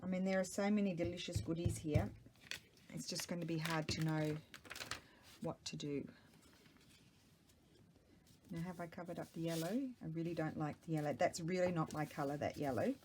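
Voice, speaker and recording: A woman's voice: low voice, steady tone, normal speed, pauses often, darkish tone, slight background noise. A middle-aged woman, chatting casually and rambling to herself while she works on a craft project at home. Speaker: craft vlogger. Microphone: small microphone.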